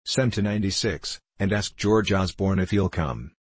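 A man's voice: low-pitched, normal speed, slight background noise, lightly acted. A man reading the part of a jovial, mocking old father who loves a joke at his son's expense. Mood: teasing. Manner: boisterous, mocking.

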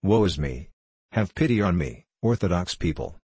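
A man voices a desperate peasant who laments his fate. His voice is very low and husky. It is a dry audiobook play reading. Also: sing-song, normal speed, warm tone, no room sound, heavily acted. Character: desperate male peasant, wailing and fearful.

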